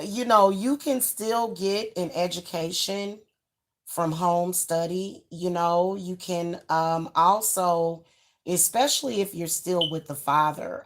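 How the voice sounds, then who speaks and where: A middle-aged woman, giving frank advice to parents in a chatty way, full of fillers and restarts. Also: fairly low pitch. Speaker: channel host giving advice. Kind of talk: casual advice talk to camera.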